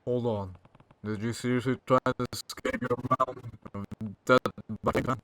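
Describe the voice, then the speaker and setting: A man voicing a stoic young brawler, speaking low, flat and curt. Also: normal speed, no room sound, faint music behind, natural voice. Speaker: game protagonist voiced by a player.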